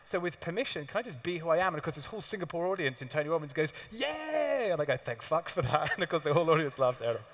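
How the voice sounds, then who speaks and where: A man speaks from a stage in a big hall, his voice carrying a long reverb. He tells stories in a lively, joking way, with a fairly high voice for a man and the odd curse. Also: rapid-fire, few pauses. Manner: animated storytelling with laughs and swearing. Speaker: seminar speaker. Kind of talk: live stage talk to an audience. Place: large hall with audience.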